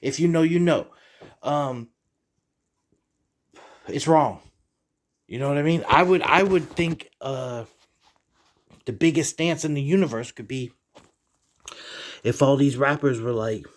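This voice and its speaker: A man's voice: mid-range voice, normal speed, pauses often. A middle-aged man vlogging in a casual, rambling monologue, profane and heated as he digresses.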